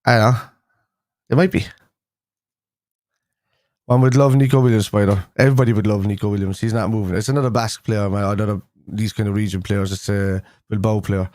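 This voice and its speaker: A man's voice: fairly low pitch, steady tone, quick pace, few pauses, a little mellow, dry recording, clean studio sound. A young man hosting a casual fan live stream, chatting loosely with viewers and rambling through restarts and fillers. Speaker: fan show host.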